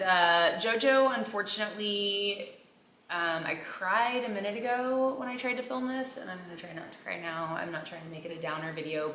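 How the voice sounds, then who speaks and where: A woman's voice: on the low side, pushed and bright, a little hiss or hum. A young woman vlogger chatting casually while folding laundry at home, rambling with lots of fillers and sounding tired. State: tired and subdued. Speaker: mom vlogger. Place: home room. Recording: echoey room.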